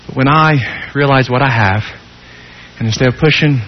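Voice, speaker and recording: A male preacher giving a sermon with rhetorical questions, swinging between loud and hushed delivery. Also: medium pitch, normal speed, muffled recording, slight background noise.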